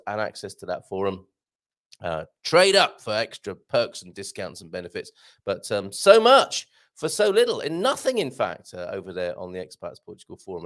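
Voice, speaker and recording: A man from the British Isles hosts a live show from a small studio. He reads out listener messages and wanders off into jokey asides. His gravelly voice rises and falls a lot. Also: medium pitch. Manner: chatty, rambling, jokey asides. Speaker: radio show host.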